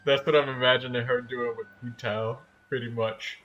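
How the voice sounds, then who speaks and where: A man's voice: medium pitch, little pitch movement, normal speed, hardly any pauses, a bit bright, a little hiss or hum. A man streaming a game, chatting casually, swearing and laughing at his own jokes. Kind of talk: casual gameplay commentary.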